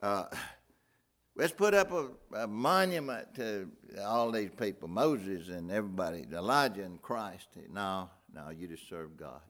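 An older man preaching a folksy sermon. His voice climbs into loud, ringing outbursts and then drops to hushed, almost whispered lines. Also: lowish voice, lively intonation, measured pace. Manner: folksy, with wide dramatic swings between loud outbursts and hushed near-whispers.

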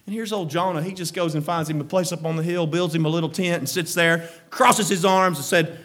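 A man preaching a sermon in a high, bright, forceful voice. He is fervent, climbing into shouted praise one moment and settling into quiet, chuckling asides the next. His delivery sounds like a pulpit preacher working his congregation. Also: brisk, hardly any pauses.

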